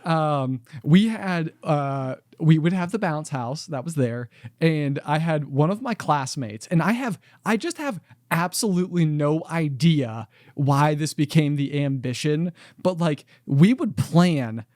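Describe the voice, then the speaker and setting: A man's voice: on the high side, expressive, a little slow, darkish tone, dry recording, studio quality. A man co-hosting a podcast, telling a rambling story in a chatty way full of fillers. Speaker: podcast co-host. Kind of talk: casual comedic chat.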